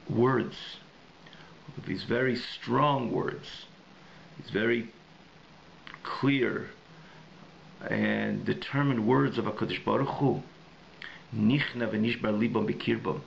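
A male rabbi gives a class in a synagogue, his voice deeply gravelly with fry. He circles each idea in several phrasings and drops in Hebrew and Yiddish terms. The recording is a little dull, with faint room noise behind him. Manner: thinking aloud with frequent restarts and searching pauses. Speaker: rabbi teaching a Tanya class. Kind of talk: recorded adult education class.

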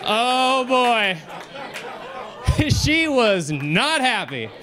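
Male stand-up comic, high-pitched voice, very lively intonation, animated storytelling, comedy club stage. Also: very slow, some chatter behind. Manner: animated storytelling, jumps to high excited delivery, breaks into laughter.

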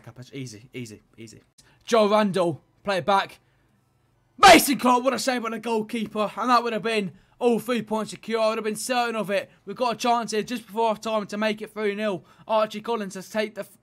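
Gaming creator, man, high-pitched, excitable play-by-play that jumps between mumbles and shouts. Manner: excitable, swings from muttered pleading to loud shouting. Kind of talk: excited video game commentary.

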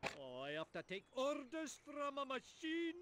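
An actor playing a gruff, grumbling male school groundskeeper in a cartoon game, heard as faint game audio from a distance. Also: very high-pitched, big pitch swings, measured pace, a bit bright, heavily acted.

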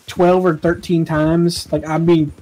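A man chatting in character during an online roleplay game, telling stories in an animated way and swearing freely. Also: on the high side, a little slow. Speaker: roleplay gamer.

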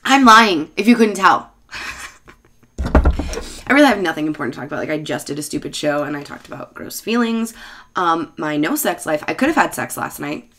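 Sweary, self-mocking woman with a bright voice. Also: sits low, animated, normal speed. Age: 30s. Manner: profane, self-mocking, laughs often. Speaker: bartender and show host. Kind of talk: casual rambling monologue.

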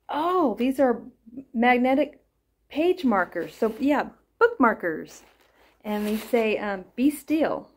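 A middle-aged woman chatting casually as she unboxes gifts on her crochet vlog, gushing and thinking aloud. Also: mid-range voice. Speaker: crochet vlogger.

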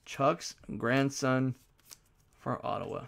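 Card-break host, male, unhurried and gravelly, loud card calls with muttered asides. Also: medium pitch, steady tone. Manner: announces each card loudly, then mutters asides. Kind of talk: casual card-break commentary.

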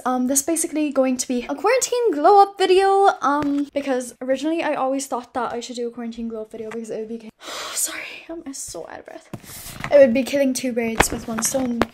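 A woman's voice: high-pitched, fast, few pauses, a little mellow. A young woman chatting casually to camera as a vlogger, rambling and self-mocking, full of fillers. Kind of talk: casual vlog chat.

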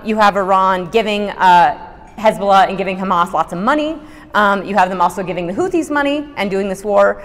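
A woman delivers a keynote in a brisk, conversational manner and often pauses on "um". Her voice sits at an ordinary middle pitch. It carries a long hall reverb from the conference room. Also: a bit bright. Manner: brisk, conversational, dry sarcasm, many "um"s. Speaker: keynote speaker.

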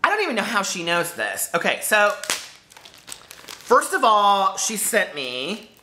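A woman book vlogger chatting casually to camera in a gushing, excitable way, exclaiming often. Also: medium pitch, slow pace, noisy background.

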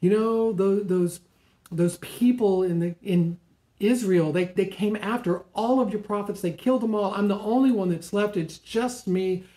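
A man's voice: sits high, moderate pace, dark tone, echoey room, lightly acted. A man voicing the prophet Elijah as an exhausted, self-pitying man pleading with God. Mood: agitated pleading.

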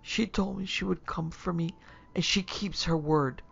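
A woman voicing a terrified young man who sees a ghost, crying out in panic and hoarse whispers. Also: fairly low pitch, fairly even intonation, measured pace, highs cut off, heavily acted. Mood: panicked.

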